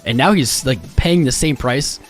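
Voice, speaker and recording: A man from the United States hosting a casual crypto live stream, laid-back and rambling, greeting chat by name, a little hoarse from losing his voice. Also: medium pitch, measured pace. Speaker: crypto livestream host. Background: music playing.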